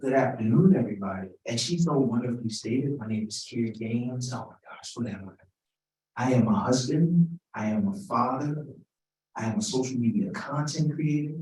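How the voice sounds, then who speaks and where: A man's voice: medium pitch, lively intonation, moderate pace, darkish tone. Joking keynote speaker man in a roomy hall. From Washington, D.C. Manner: joking, conversational. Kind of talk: keynote speech. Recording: roomy sound, mic at a distance.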